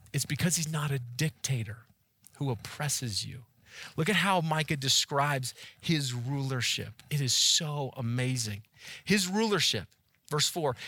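A man in his thirties preaching a sermon, earnest and emphatic, building to loud peaks. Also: medium pitch, no room sound. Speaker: pastor.

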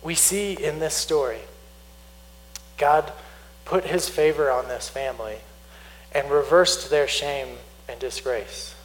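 A man preaching a sermon, teaching earnestly, slowing down to stress key points and reading scripture aloud. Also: a little high, slight background noise, low-quality recording. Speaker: pastor.

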